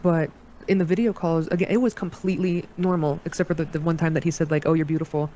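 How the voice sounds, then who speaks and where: A woman's voice: low-pitched, steady tone, quick pace, warm tone, a little hiss or hum. A woman in an interview, recounting a personal story in a hesitant way, with many restarts and quoted bits of dialogue.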